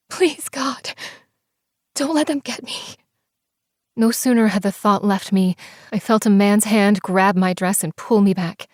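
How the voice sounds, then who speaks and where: A woman narrating a first-person romance audiobook, expressive and sometimes dropping to soft whispers. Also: mid-range voice, no echo, studio quality. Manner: expressive, breathless in tense scenes, shifts into soft whispers.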